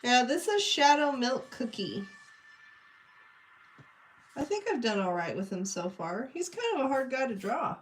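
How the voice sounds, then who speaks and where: Young woman, live-stream chat, slow pace, slightly high voice, casual greetings to viewers. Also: big pitch swings. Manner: chatty, reads and greets the chat while drawing. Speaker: streamer drawing requests.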